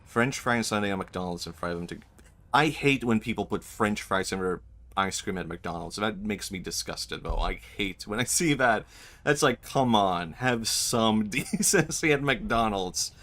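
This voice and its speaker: A man with a fairly low voice talks casually while he plays a video game, laughing often and swearing along the way. He rambles from one thought to the next into a desk mic, with soft game music underneath. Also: expressive, moderate pace. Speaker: streamer. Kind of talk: casual gameplay commentary.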